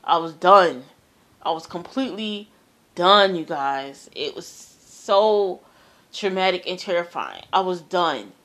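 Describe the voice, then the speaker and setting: A woman telling a personal dream story in a casual, earnest way, halting and repeating herself, often trailing off softly. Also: fairly low pitch, animated. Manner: earnest, emphatic about the terror.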